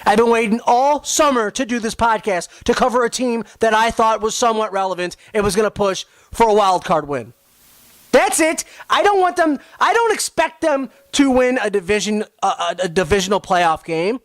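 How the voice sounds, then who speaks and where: A man's voice: sits high, animated, brisk, few pauses, dry recording. A young man hosting a sports podcast, ranting with swearing and frustration about his team. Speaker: podcast host.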